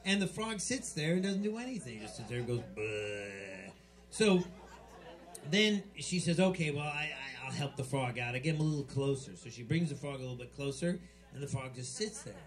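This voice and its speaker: A man's voice: fairly high pitch, expressive, a little fast, faint music behind. A man telling crude jokes on stage at a bar, rambling, restarting and bickering with the crowd. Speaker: stand-up comic at a bar show. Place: bar with live band setup.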